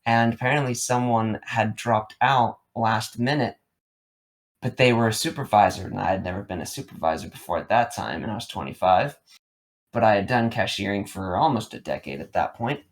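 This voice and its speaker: A man's voice: fairly low pitch, normal speed. Male co-host, thirties, casual rambling storyteller who repeats himself and fills gaps with "like" and "uh.". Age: 30s. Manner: rambling, repeats words, many fillers. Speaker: podcast co-host.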